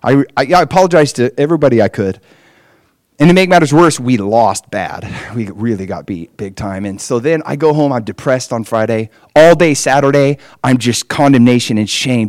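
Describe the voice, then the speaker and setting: Male preacher, mid-range voice, animated testimony storyteller, dry close recording. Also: medium pitch, normal speed, no echo. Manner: animated storytelling, emphatic rises. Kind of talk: personal testimony sermon.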